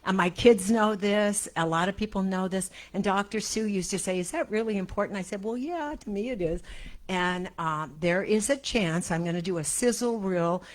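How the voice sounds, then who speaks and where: A woman minister telling personal stories to her congregation in an emotional, animated way, often laughing. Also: medium pitch, normal speed. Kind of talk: personal storytelling in a church service. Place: church sanctuary before a congregation.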